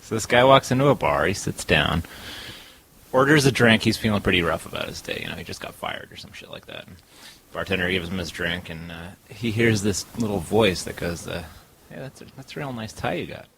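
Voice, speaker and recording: A man spins out a long joke among friends at home, lingering on every detail and chuckling as he goes. His voice climbs and dips with lively swings. A faint hum of the room sits behind him, and at times he leans away from the mic. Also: deep voice, low-quality recording. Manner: drawn-out, laughing storyteller. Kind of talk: casual chat, telling a long shaggy-dog joke.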